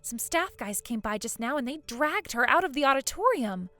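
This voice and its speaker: A woman voicing an excitable teenage granddaughter in a voiced story drama, chatty and blunt. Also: sits high, normal speed, no room sound. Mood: reporting.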